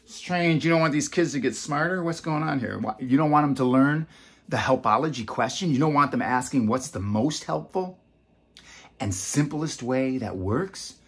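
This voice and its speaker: A man in his fifties hosting a casual talk to camera, animated and teasing, dropping from loud bursts to a hush. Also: medium pitch, normal speed, breathy edge. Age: 50s. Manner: animated, swinging between loud and hushed, teasing. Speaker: self-help author and host.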